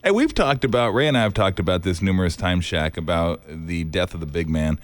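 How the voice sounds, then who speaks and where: A man's voice: low-pitched, animated, brisk. A man hosting a sports talk show, interviewing a guest in an upbeat, joking way. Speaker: radio sports show host. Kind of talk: casual interview.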